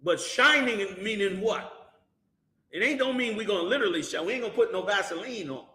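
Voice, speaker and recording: A man teaching a Bible class in a preaching style. He is animated, uses colloquial slang and keeps firing rhetorical questions at the class. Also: high voice, brisk. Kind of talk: preaching-style scripture lesson. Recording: echoey room.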